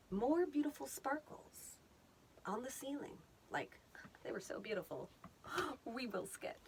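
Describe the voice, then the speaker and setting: A woman's voice: mid-range voice, fairly bright tone, a little hiss or hum. A woman hosting a vlog. She talks casually and playfully while sketching, jokes a lot, and now and then slips into put-on accents. She is recorded on a phone. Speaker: vlog host.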